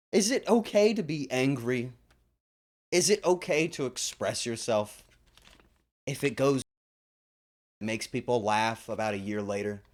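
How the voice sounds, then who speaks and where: A man ranting on his stream, exasperated and breaking into loud laughing yells. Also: mid-range voice, slow, pauses often. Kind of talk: casual stream chat.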